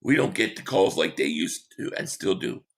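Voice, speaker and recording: A hoarse man with a gravelly, creaky voice hosts a casual live stream, reading viewer comments and agreeing or pushing back bluntly. His voice sits fairly low but swings widely in pitch. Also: very animated, a bit bright. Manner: opinionated, quick agreement with viewers.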